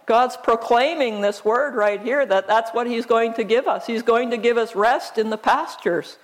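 A woman pastor preaching a sermon, reading scripture aloud in a deliberate, emphatic way. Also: a little high.

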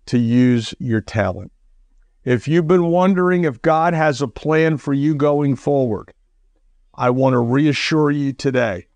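A man preaching a radio sermon, emphatic, with rhetorical questions and the odd cough or throat clearing. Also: medium pitch, slow pace, no echo. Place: radio broadcast.

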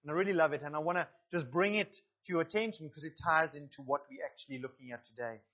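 A man's voice: fairly high pitch, quick pace, lo-fi sound. A male pastor preaching a sermon to his congregation, earnest, with asides to the listeners.

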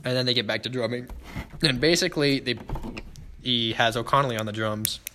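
Bright-voiced man recapping a film. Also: medium pitch, fairly quick, a little hiss or hum. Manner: animated retelling with frequent "like" and acted quotes. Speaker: podcast co-host. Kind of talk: casual film discussion.

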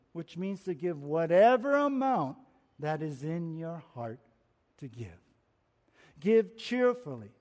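Animated preacher in an echoing hall. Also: male voice, sits high. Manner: animated, laughs at his own jokes, slows down for emphasis. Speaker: pastor. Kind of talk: sermon. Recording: long reverb of a large hall.

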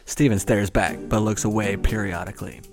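A man narrates stage directions for a comedy script read-through in a brisk, wry tone. His voice is a touch deep. Clear guitar music runs under every line. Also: fairly even intonation. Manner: brisk, wry, profane asides. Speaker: narrator and host.

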